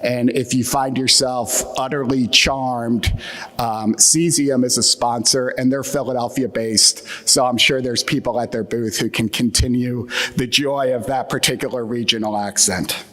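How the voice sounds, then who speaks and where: A man's voice: medium pitch, fairly even intonation, unhurried, fairly bright tone. A man with a Mid-Atlantic American accent, from that region, giving a wry, joking conference talk with plenty of fillers. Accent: Atlantic Midland American. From US Atlantic Midland region. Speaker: conference keynote speaker. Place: conference hall with audience. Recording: reverberant hall.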